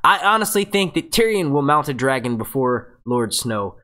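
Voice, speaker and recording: An excitable man hosts a live breakdown stream in a loose, casual way. He swears freely and keeps jumping into jokey impressions, talking into a webcam mic in front of a green screen. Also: medium pitch. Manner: excitable, profane and jokey, does quick impressions. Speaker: livestream host.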